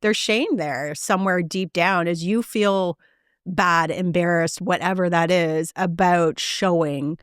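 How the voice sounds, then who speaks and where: A woman hosting a podcast, with a fairly low voice and a chatty, enthusiastic way of talking. The sound is dry and close to the mic. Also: slow, clean tone, no room sound. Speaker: podcast host. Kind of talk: casual conversation.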